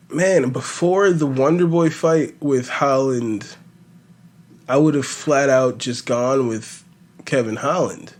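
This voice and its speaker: A man talking casually as a podcast host, rambling and swearing as he predicts fights, with a slight lisp. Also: medium pitch. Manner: profane, rambling, animated storytelling.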